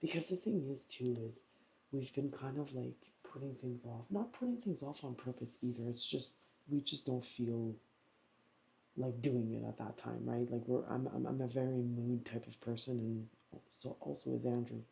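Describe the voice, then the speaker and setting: Lady vlogger just rambling on at home, lots of "like", gravelly fry in her voice. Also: a bass voice, normal speed, mellow. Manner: rambling, filler-heavy storytelling. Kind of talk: casual vlog chat.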